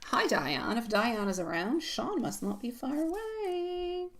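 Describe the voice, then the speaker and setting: A woman reading tarot live for her audience, her voice bright and forward. She talks in a loose, chatty way, full of pet names and easy laughter, as if catching up with friends. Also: fairly high pitch, very animated, unhurried, hardly any pauses. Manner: chatty, affectionate, laughs often. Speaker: tarot reader.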